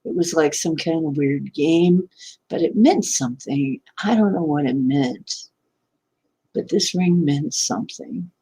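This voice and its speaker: Woman vlogger rambling thru a story, husky voice, lower side, laughs a lot. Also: animated, a little slow, mellow. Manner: rambling, self-correcting, laughs often. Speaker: channel host. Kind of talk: casual storytelling to camera.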